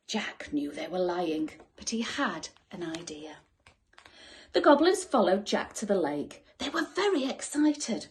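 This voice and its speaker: A woman teacher reads a bedtime story at an unhurried pace, with a voice that rises and falls in a very lively way. She drops to soft whispers for the hushed moments. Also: lowish voice. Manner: expressive, dropping to soft whispers. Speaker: school teacher.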